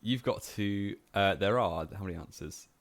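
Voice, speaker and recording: A man's voice: lowish voice, moderate pace. A young man co-hosting a casual podcast and running a quiz, with dry, wry remarks. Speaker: podcast co-host and quizmaster. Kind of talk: casual chat.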